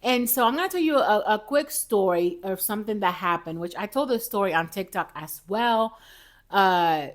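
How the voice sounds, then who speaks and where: Woman, podcast host, casual motivational chat, lively and chatty, middle pitch, talks straight to viewers, sipping coffee. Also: moderate pace. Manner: sips coffee while talking.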